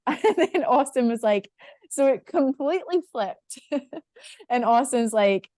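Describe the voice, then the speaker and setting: A woman's voice: high-pitched, animated, takes it slowly, warm tone, no echo, clean studio sound. A woman co-hosting a casual reality-TV podcast, chatty and laughing, swearing now and then. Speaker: podcast co-host. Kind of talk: casual chat.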